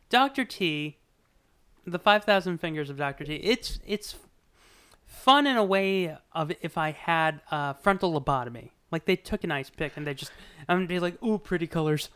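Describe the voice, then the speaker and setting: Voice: mid-range voice, animated, moderate pace, fairly bright tone, clear, resonant tone. A young adult co-host in casual chat about a movie, tossing in wry, sarcastic quips.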